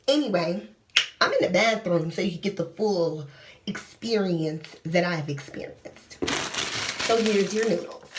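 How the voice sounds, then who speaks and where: A young woman vlogging from a small bathroom, telling a story in a brash, profane, animated way and often dropping to a whisper. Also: fairly low pitch, measured pace, slight background noise.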